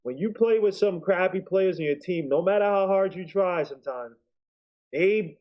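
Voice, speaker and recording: A man's voice: high voice, moderate pace, dull audio. A man co-hosting a casual sports talk show, joking and bantering loosely. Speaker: co-host, fan commentator. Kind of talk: casual chat.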